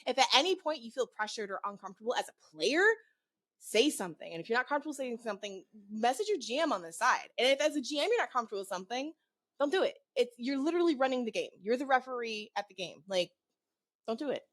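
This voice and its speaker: Animated woman with a lively voice. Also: a little high. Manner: animated, laughs often, quick bursts of speech. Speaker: podcast co-host and game master. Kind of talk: casual chat.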